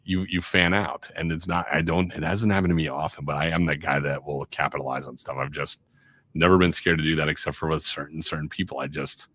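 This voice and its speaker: A man from Chicago, a radio and voiceover guest, telling animated, self-mocking stories in a casual podcast chat. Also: extremely low pitch, a little fast. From Chicago, USA.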